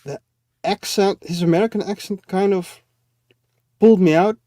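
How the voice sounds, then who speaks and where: A man's voice: high-pitched, steady tone, normal speed, mellow, no echo, clean studio sound. A man co-hosting a casual film chat, thoughtful and hesitant, laughing often. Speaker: co-host. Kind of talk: casual chat about films.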